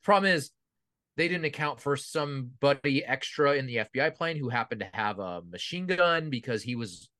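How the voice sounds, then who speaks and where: Man, wry movie chat, critical, mid pitch, dry recording. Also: expressive, normal speed, sharp tone, dry recording. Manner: wry and critical, laughs while talking. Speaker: podcast co-host. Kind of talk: casual movie discussion.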